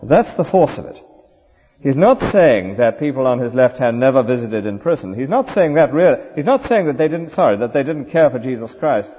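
Earnest preacher, lively pitch. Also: male voice, brisk, husky. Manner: earnest, rhetorical, with frequent tag questions. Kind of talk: sermon. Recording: dull lo-fi recording with long hall reverb.

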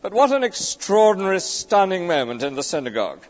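A man's voice: sits high, sing-song, brisk, a little mellow. Guy preaching, emphatic w/ rhetorical questions, sound a bit dull n muffled. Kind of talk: expository sermon. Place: large church. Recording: dull recording with long church reverb.

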